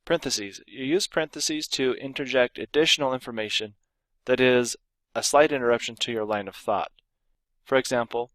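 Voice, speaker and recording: A man with a medium-pitched, slightly bright voice speaks at a moderate pace in a recorded lesson with no echo. He teaches grammar, explaining punctuation and reading example sentences aloud, with occasional fillers and restarts.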